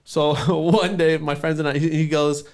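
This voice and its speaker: A man's voice: a little high, level tone, normal speed. A young man from Canada telling a story in loose, casual speech, swearing and filling with "like" and "uh". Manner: loose, swearing, many fillers. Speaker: podcast host.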